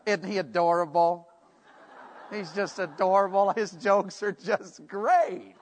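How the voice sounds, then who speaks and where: A man's voice: high-pitched, takes it slowly, a little hiss or hum. A preacher voicing a gushing young wife who adores her husband, in an echoey hall. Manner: gushing, mock-sweet.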